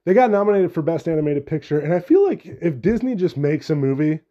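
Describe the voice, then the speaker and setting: A man's voice: on the high side, big pitch swings, a little fast, highs cut off. A young man hosting a solo podcast, rambling and joking casually with frequent swearing. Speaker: podcast host.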